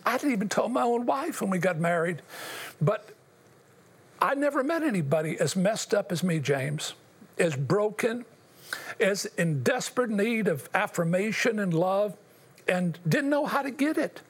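An older man shares his life story in an earnest, emotional way, speaking straight to the host. His voice sits high for a man and has a rough, husky grain. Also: expressive, moderate pace. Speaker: interview guest. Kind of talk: personal testimony.

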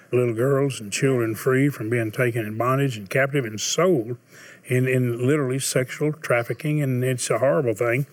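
An older man hosting a Christian TV talk show, steady and earnest, appealing to viewers in a preacher-like manner. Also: mid-range voice, dry recording. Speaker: TV host.

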